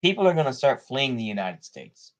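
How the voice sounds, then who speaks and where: A man's voice: mid-range voice, sing-song, a little fast. A man talking casually in rambling political commentary, full of "you know" fillers and frequent laughs.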